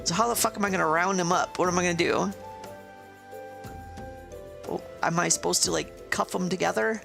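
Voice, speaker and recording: A woman's voice: fairly low pitch, a little fast, gravelly. A woman streamer giving casual, profane, sarcastic commentary while playing a game. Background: game music.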